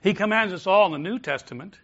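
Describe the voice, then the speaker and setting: Bright-voiced preacher in a church hall. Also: male voice, sits high, lively intonation, fast talker, lo-fi sound. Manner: builds from quiet coaching to loud shouted declarations. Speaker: pastor. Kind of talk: sermon with congregation call-and-response. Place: large church hall with congregation.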